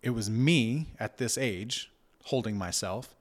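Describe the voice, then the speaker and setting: A man in his thirties telling a personal story in casual conversation, reflective and halting, with many fillers and restarts. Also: mid-range voice. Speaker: guest recounting an experience.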